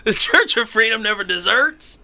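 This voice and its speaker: Animated, bright-voiced man telling stories. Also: high-pitched, normal speed, no room sound. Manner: animated storytelling, swearing, laughing, acting out quotes. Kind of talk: casual profane chat.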